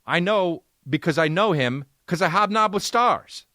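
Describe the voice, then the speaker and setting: A man's voice: sits high, expressive, measured pace, bright, forceful tone, no echo, studio quality. A man hosting a comedy podcast, ranting in a profane, sarcastic way. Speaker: podcast host.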